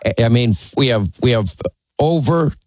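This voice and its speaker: A man's voice: medium pitch, lively intonation, moderate pace, a little mellow, no echo, low-quality recording. A man hosting a call-in talk radio show, speaking emphatically and teasing callers.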